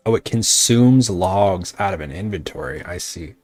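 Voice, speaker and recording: This VTuber's deep voice is animated and a little mellow, moving at a moderate pace over faint background music. He's streaming a modded game, complaining about it, talking back to chat, and cursing occasionally.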